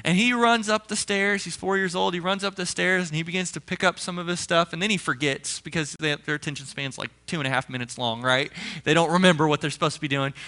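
Young male pastor, high bright voice, conversational animated sermon delivery. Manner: conversational, animated storytelling preacher.

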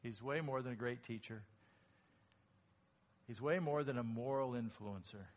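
A man preaching a sermon as pastor, lively and emphatic, acting out quoted lines in a raised voice. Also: mid-range voice, normal speed.

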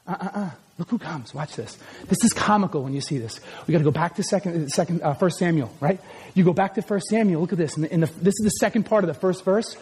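A man in his forties preaching a lively sermon, who often breaks into shouts as he acts out scenes. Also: high voice, fast talker, husky. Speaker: pastor who also teaches school.

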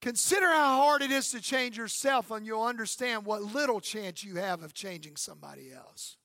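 A man's voice: sits high, expressive, moderate pace, pushed and bright, dry recording, studio quality. A man in his fifties, a pastor preaching an emphatic sermon and calling out for amens. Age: 50s. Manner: emphatic preaching with calls for amen.

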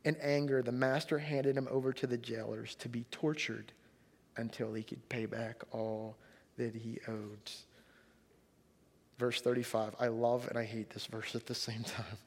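A man's voice: medium pitch, little pitch movement, unhurried, long reverb tail. A man preaching a sermon in a conversational way, retelling a scripture story and pushing hard on its key lines. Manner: conversational preaching, rising emphasis on quotes. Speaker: pastor.

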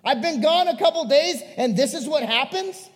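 Preacher doing a fed-up scolding man, high and loud, echoing hall. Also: animated, moderate pace. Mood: exasperated. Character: exasperated man scolding his followers.

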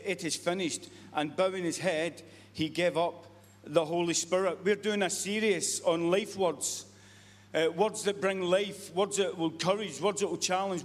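High-voiced preacher in a reverberant hall. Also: male voice. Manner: earnest, repetitive, frequent restarts. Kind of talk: sermon.

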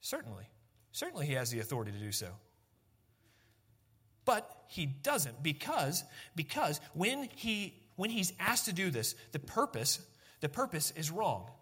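A man's voice: a little high, bright, forceful tone, breathy edge. A man preaching a sermon as pastor, conversational and self-deprecating, repeating phrases for emphasis.

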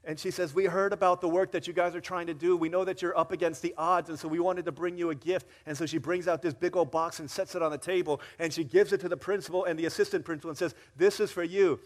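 A man preaching a sermon, telling a story in a lively way and acting out the quoted voices. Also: high voice, long reverb tail. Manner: animated storyteller, acts out quotes with rising excitement. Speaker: pastor. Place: church sanctuary.

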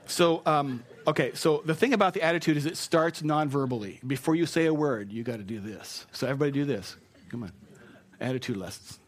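A man's voice: on the high side, brisk. A man preaching a sermon in a conversational, self-deprecating way, often repeating his key phrases.

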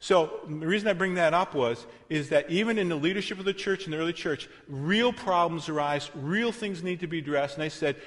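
A man's voice: fairly high pitch, fairly quick, few pauses, a bit bright. A pastor preaching a sermon, driving his points home with emphasis and asking the congregation questions. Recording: long reverb of a large hall.

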